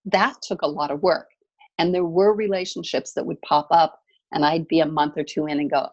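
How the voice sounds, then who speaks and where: A middle-aged woman from California, a guest telling her story in a reflective way with many soft pauses. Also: deep voice, steady tone, dull audio. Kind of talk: personal storytelling in conversation.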